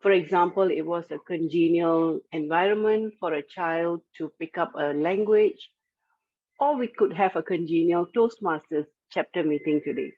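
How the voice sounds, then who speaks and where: A woman with a fairly low, husky voice presents the word of the day on a video call, carefully spelling out and explaining its pronunciation. The sound is dry and narrow, like a phone line. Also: no room sound. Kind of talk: online club meeting presentation.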